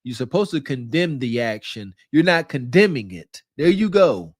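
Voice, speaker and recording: A man's voice: mid-range voice, sing-song, normal speed, no echo, clean studio sound. A man hosting a podcast, giving teasing, incredulous reaction commentary and laughing at what he hears. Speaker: podcast host.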